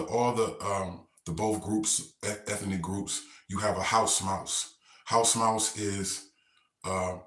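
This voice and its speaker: A man casually telling a story in relaxed slang, rambling and repeating himself. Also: lowish voice, reverberant. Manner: laid-back, slangy, rambling.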